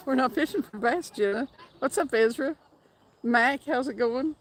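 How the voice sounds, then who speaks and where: A woman's voice: high voice, a little slow. A woman hosting a fishing livestream outdoors by a stream, chatting casually, laughing often and reading out viewer names. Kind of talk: casual live-stream chat. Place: outdoors by a fast trout stream.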